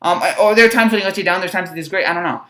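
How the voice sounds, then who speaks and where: A woman's voice: on the low side, rapid-fire, a crowd in the background. Frustrated young woman ranting in an echoey room. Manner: frustrated, rambling, stammering restarts. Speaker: sports fan vlogger. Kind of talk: fan reaction rant.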